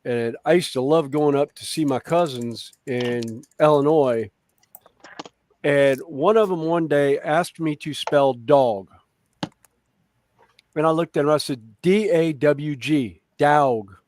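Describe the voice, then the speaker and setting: A man with a light Southern US accent, telling a story in a relaxed, easygoing way during casual chat. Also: a little high, measured pace. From born near Chicago, raised in the US South. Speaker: participant in a group chat.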